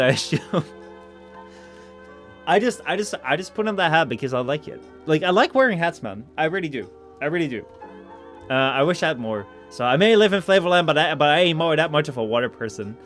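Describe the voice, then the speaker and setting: Over soft background music, a young Dutch gamer keeps up casual, joke-filled commentary, peppered with "like" and "dude," now and then reading the game's text out loud. He sounds a little high, expressive, and a little fast.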